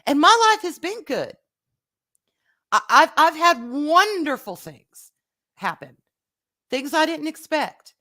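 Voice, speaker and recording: A woman's voice: high voice, big pitch swings, takes it slowly, long pauses, pushed and bright. A woman hosting a live vlog, talking earnestly and casually to her viewers, often repeating words as she restarts, and greeting them by name. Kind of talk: heartfelt casual talk to viewers.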